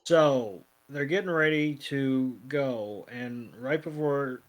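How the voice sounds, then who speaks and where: Man, podcast co-host, laid-back casual chat, frequent fillers, mid pitch. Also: slow pace, poor audio. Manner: laid-back, lots of ums, swears.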